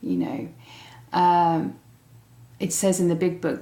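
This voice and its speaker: English woman, young, storytelling guest, lowish voice, roomy echo. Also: takes it slowly. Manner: animated storytelling with fillers and laughs. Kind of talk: personal recovery story.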